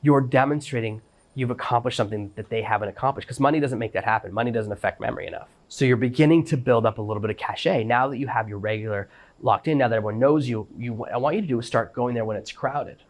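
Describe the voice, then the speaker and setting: A man's voice: mid-range voice, fast talker. A middle-aged man hosting a podcast, giving an instructional monologue with emphatic, repeated phrases. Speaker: podcast host.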